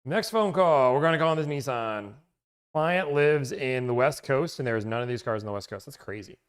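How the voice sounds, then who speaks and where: A man's voice: mid-range voice, expressive, a little fast, clear, resonant tone. A man with a mid-range voice chats loosely on a livestream. He restarts his sentences and talks straight to his viewers. He sounds easygoing and unscripted. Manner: rambling, self-interrupting, chatty with viewers. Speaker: car-buying negotiation service host. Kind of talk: casual livestream chat.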